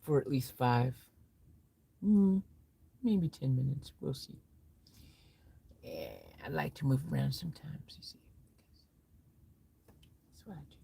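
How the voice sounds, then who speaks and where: A woman's voice: extremely low pitch, lively intonation, takes it slowly, creaky, pauses often, warm tone, slightly rough. A woman vlogger chatting playfully with her viewers on a phone while parked in her car at a gas station at night. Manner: playful and jokey, says goodnight to viewers. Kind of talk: casual livestream chat.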